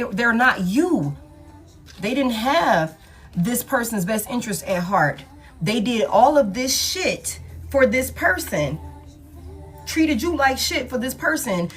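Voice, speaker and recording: A woman giving a collective love tarot reading, talking emphatically and bluntly, repeating her points and swearing often. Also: medium pitch. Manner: emphatic, repetitive and blunt, with frequent profanity. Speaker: tarot reader.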